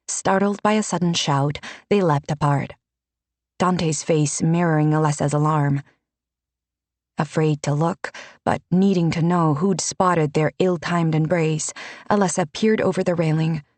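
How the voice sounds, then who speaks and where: A woman reading a fantasy audiobook in measured scripted narration. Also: low voice, no echo. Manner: measured, unhurried.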